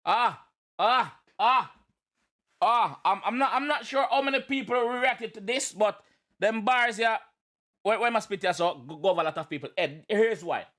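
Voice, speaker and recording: Animated Jamaican man reacting. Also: high-pitched, moderate pace. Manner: animated, exclaiming, explaining lyrics. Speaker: reaction video host. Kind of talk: casual reaction commentary.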